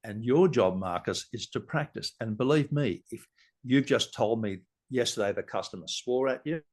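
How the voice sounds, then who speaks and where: A man, a communication trainer and podcast guest, who tells stories in an animated way, laughs often and acts out scenes. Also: mid-range voice, moderate pace. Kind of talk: casual interview talk.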